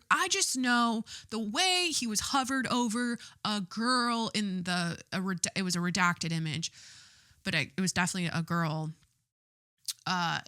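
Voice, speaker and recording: A woman's voice: medium pitch, pushed and bright, no room sound, studio quality. A woman podcast host chatting casually as she reads out news items and reacts bluntly, swearing and often stopping to correct herself.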